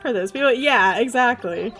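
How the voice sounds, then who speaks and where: A woman's voice: on the high side, moderate pace, fairly bright tone, faint music behind. A young woman from the States, chatting casually as a game streamer, laughing often and swearing freely. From Southern United States. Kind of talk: casual chat while gaming.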